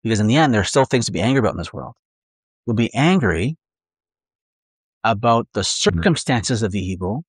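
A man's voice: fairly low pitch, lively intonation, a little fast, pauses often, breathy edge, dry recording, rough recording. Conversational male pastor, dry close sound. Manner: conversational, acts out inner voices, frequent restarts. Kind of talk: sermon.

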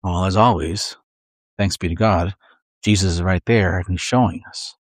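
A middle-aged man preaching a sermon in a conversational, animated way, acting out inner voices. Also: low voice, normal speed, no room sound, studio quality. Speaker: pastor.

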